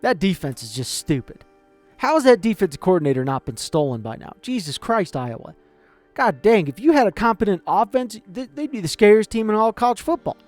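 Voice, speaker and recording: Guy ranting casually, kinda high voice, soft music under it. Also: brisk, dry recording. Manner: animated, rambling, swearing. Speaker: sports commentator. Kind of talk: casual opinionated chat.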